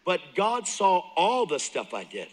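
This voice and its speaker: A man preaching at a church service, telling his story with lots of laughs, swinging between loud bursts and hushed asides while he talks straight to the crowd. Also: high-pitched, wildly swooping pitch, a little slow, big-room sound, poor audio. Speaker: guest preacher. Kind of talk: sermon, personal testimony.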